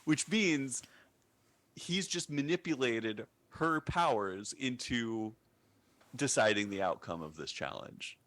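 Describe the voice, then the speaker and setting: A man's voice: medium pitch, slow pace, no echo. A man co-hosting a podcast, animatedly retelling a comic book plot with lots of fillers. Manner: animated storyteller with many fillers and restarts. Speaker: podcast co-host. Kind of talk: casual comic book recap chat.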